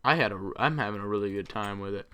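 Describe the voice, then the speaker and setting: A man with a lowish, smooth and clear voice talks casually through his gameplay as a let's play host. He rambles along and fills the gaps with plenty of ums and uhs. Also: quick pace, pushed and bright.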